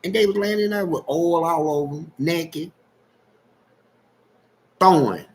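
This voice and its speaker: A man's voice: a little high, unhurried, a little mellow, low-quality recording. A man telling frank, streetwise stories in a casual livestream chat and laughing along as he goes. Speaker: guest storyteller on a livestream.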